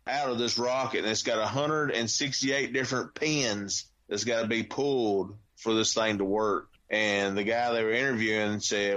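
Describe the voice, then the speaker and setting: A man's voice: on the low side, fairly even intonation, normal speed, hardly any pauses, a bit bright, rough recording. A man, co-hosting a podcast and telling rambling, folksy stories. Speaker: podcast co-host. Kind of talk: casual podcast chat.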